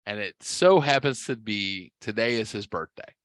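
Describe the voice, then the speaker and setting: A man hosting a podcast who tells stories in a rambling, foul-mouthed way, a bit tipsy from drinking, his voice jumping high when he gets excited. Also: moderate pace, dry recording. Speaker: podcast host. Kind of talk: casual storytelling.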